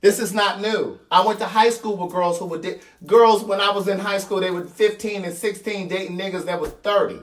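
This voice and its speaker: A man's voice: high voice, steady tone, fairly quick, few pauses, distant mic, a little hiss or hum. A man in his thirties with a Baltimore accent, giving a blunt, slangy commentary monologue, repeating points for emphasis. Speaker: vlogger.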